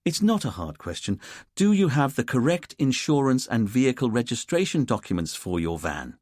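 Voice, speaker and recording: Man putting on a fussy teacherly police inspector, lively pitch, dry close sound, audiobook reading. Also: normal speed, no room sound. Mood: prim. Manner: teacherly, prim and exacting. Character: pompous precise male detective inspector.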